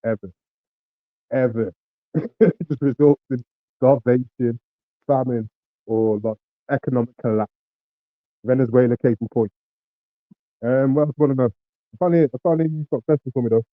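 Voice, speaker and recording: A man's voice: medium pitch, moderate pace, pauses often, dry recording, phone-quality sound. Swearing British man on a call line. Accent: British English. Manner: slangy, swearing, hesitant with many ums. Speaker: caller. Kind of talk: casual call-in chat.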